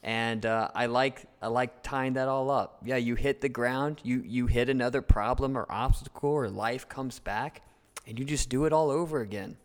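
A man in casual chat, expressive and reactive, sometimes acting out reactions. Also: normal speed, long reverb tail. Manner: expressive, acts out reactions in a high voice.

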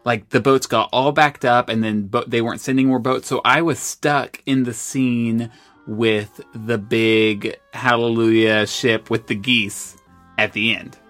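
A man's voice: medium pitch, a little slow, soft background music. Chatty male podcast co-host telling stories. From United States. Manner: animated, self-deprecating storyteller. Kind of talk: casual storytelling chat.

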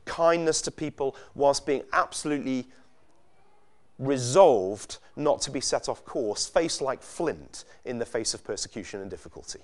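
A man's voice: medium pitch, moderate pace. Conversational preacher, a man. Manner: conversational, asks many rhetorical questions. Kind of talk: sermon.

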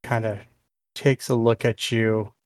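A man's voice: on the low side, little pitch movement, unhurried, no echo, clean studio sound. A man narrating a tabletop game as game master, hesitant with many fillers and restarts.

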